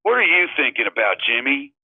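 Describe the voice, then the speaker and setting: A man's voice: mid-range voice, very animated, brisk, slightly rough, no room sound, pitched above the performer's own voice. A man on a phone call, putting on a glib, boastful politician for laughs. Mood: smug bluster. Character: smug man playing a hard-line politician. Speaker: caller. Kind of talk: comedy impression call-in. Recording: tinny dry phone line.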